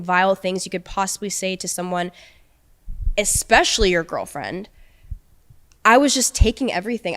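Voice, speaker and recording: A young woman guest on a podcast, telling a personal story in an earnest, halting way with many restarts. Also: mid-range voice.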